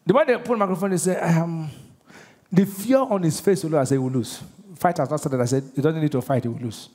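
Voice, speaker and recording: A man's voice: fairly high pitch, a little fast. A middle-aged Nigerian man preaching a sermon as pastor, firing questions at the congregation and acting out little scenes. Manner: call-and-response questioning, animated, acts out voices.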